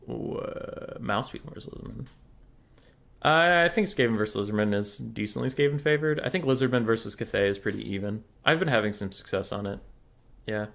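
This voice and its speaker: Brisk and animated, the young man's low-leaning voice has a creaky quality and a fairly bright tone. He's a streamer and tournament caster giving casual live game commentary, chatting and replying aloud to his chat.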